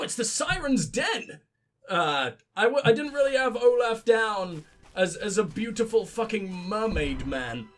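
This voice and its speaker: A man with a stuffy nose, commenting on a game he is playing, sweary, sarcastic and excitable. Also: extremely high pitch. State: sick, stuffy-nosed. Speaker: let's play host. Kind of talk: gameplay commentary.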